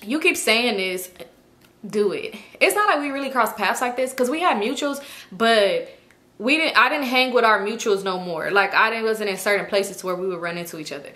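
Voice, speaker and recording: Young woman rattling off a storytime quick, bright sharp voice, lots of cussing. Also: on the high side. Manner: animated, profane, acts out quotes. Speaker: storytime vlogger. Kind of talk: casual storytelling.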